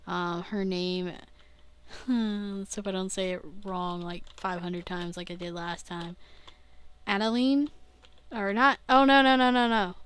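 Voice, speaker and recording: A woman's voice: on the low side, a bit bright, clear, resonant tone, no room sound. A young woman vlogging casually, rambling and interrupting herself, often laughing at her own slips. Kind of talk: casual rambling video diary.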